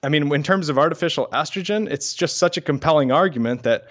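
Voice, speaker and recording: A man's voice: on the high side, expressive, fast, muffled recording. A man who is a scientist, explaining research findings in a podcast interview. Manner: explanatory, reads study titles aloud. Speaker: guest scientist.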